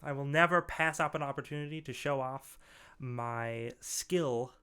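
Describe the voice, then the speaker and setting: A man's voice: mid-range voice, measured pace, sharp tone, smooth. A man playing a boastful courtly noble. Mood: proud.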